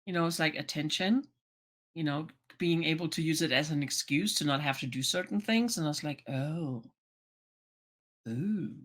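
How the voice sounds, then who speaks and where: A life coach who hosts a channel talks casually to vlog viewers in a mid-range voice at a slightly quick pace. Chatty and full of "you know" and "right?", he acts out remembered conversations in lively voices.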